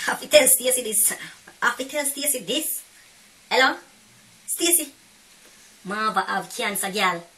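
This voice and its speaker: A woman's voice: fairly high pitch, lively intonation, unhurried, long pauses. A woman playing a sassy young Jamaican gossip. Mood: gossipy. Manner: loud, sassy, gossipy patois chatter. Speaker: comedy sketch character. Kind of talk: comedy sketch. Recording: voice from a distance off the mic.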